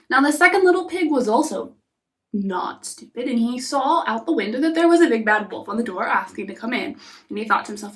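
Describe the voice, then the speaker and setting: A woman narrating a fairy tale softly, often dropping into a whisper. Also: a little high, far from the mic. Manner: soft, often whispering, unhurried. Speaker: storyteller. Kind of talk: storybook narration.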